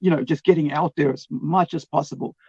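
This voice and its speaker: A man's voice: on the high side, fairly even intonation, a little fast, gravelly, darkish tone, breathy edge, no echo, muffled recording. A man hosting a podcast in casual chat, rambling with many restarts and fillers. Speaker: podcast host.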